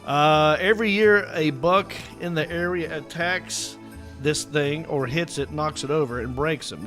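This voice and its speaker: A man hosts a comedy show in a slightly high voice, telling funny news stories in a jokey, playful way. He breaks into animated emphasis now and then. Faint music plays behind him. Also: measured pace. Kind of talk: casual comedic chat.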